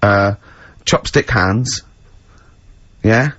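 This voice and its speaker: A man's voice: fairly low pitch, extremely slow, fairly bright tone. A man hosting a comic radio show, rambling through silly riffs and funny voices. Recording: dull lo-fi radio recording.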